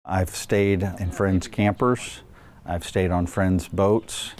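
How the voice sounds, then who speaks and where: A man, a fire battalion chief, speaking in an interview, halting and full of pauses. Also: deep voice, fairly even intonation, darkish tone. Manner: halting, with many pauses and fillers.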